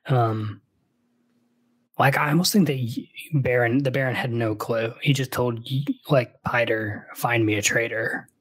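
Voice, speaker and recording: A man's voice: medium pitch, measured pace, husky, poor audio. A man hosting a casual read-along, reading a book aloud and adding chatty, playful asides.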